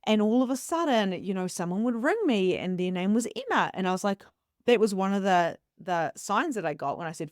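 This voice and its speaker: Woman host, middle-aged, casual and animated, mid pitch, dry close sound. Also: fairly quick, dry recording, soft background music. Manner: animated, acts out quoted voices. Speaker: psychic medium host. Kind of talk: casual storytelling to camera.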